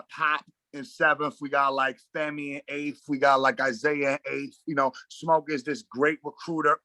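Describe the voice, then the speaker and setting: A man with a New York accent spins animated, slangy stories in a casual interview and acts out the dialogue as he goes. His voice sits a little high and sounds bright and forceful. The sound is close and dry. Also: no echo. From Brooklyn, New York. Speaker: guest, basketball coach.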